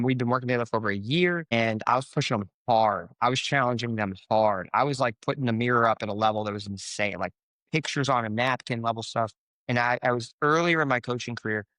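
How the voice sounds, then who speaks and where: A man's voice: mid-range voice, fairly bright tone, no echo. A man, a coach, speaking as a podcast guest, telling stories and giving life advice in an earnest, motivational way. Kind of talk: conversational podcast interview.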